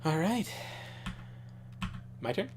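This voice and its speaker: A man's voice: high-pitched, very animated, drawn-out words, background noise. A young man chatting casually over a card game, rambling, laughing and swearing freely. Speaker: show regular.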